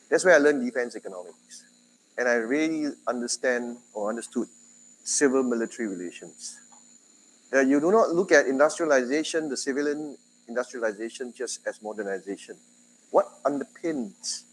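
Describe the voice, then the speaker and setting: A man's voice: a little hiss or hum, poor audio. Singaporean man lecturing a class. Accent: Singaporean English with a Malay tinge. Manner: conversational, questions students, jumps in loudness and pitch. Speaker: university lecturer.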